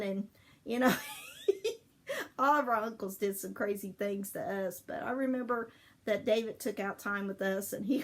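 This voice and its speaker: Older woman, casual storytelling, fairly high voice, laughs often, rambling and chatty.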